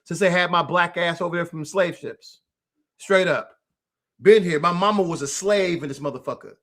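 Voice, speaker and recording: Here a man from the United States hosts a political livestream in a high-sitting, fairly bright voice at a moderate pace. He unleashes a heated, profane rant aimed at a rival who isn't present, calling him out by name and speaking to him directly.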